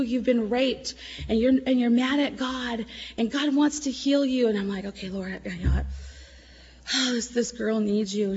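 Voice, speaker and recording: A middle-aged woman giving an emotional church testimony, at times tearful, swinging between loud exclamations and soft murmurs. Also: medium pitch, slightly rough, lo-fi sound.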